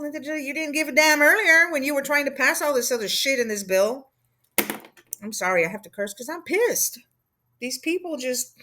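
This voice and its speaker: A woman's voice: on the high side, a bit bright. A woman from Texas, rambling through a casual political rant in an exasperated, sarcastic way. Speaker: political commentator.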